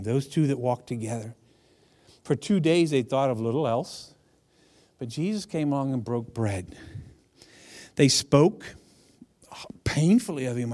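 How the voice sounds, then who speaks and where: Casting note: male preacher with a fairly high voice, relaxed and chatty, jokes with the congregation. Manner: chatty, humorous, addresses audience directly. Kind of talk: casual conversational sermon.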